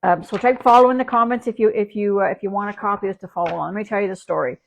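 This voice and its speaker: A woman's voice: medium pitch, racing, gravelly. A woman from Canada, a dog trainer, talking casually on a live stream at home, rambling with restarts and fillers. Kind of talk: casual livestream talk. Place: at home with her dog nearby.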